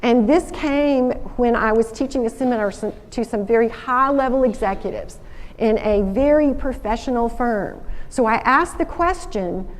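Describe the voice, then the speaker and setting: A woman's voice: on the high side, moderate pace, long reverb tail, poor audio. Southern woman telling stories at an assembly. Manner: folksy storytelling, acts out phone calls. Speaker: guest speaker. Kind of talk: motivational talk to a school assembly. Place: school assembly hall.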